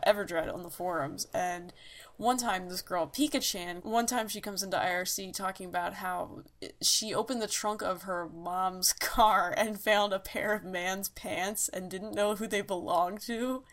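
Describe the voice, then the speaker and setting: This young podcast co-host talks at a moderate pace in a lowish voice. She's in casual chat mode, an animated storyteller with frequent laughter.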